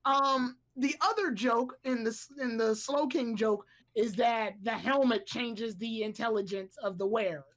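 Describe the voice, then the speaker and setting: A woman's voice: a little high, a little slow, hardly any pauses. A woman co-hosting a podcast in casual chat, rambling along with lots of filler words and restarts. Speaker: podcast co-host.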